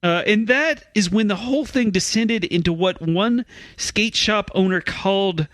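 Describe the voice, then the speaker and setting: High-voiced man co-hosting a comedy podcast. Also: a little slow, a bit bright, dry recording, poor audio. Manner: hesitant, self-conscious, laughing often. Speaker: podcast co-host reading news. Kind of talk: comedic news banter.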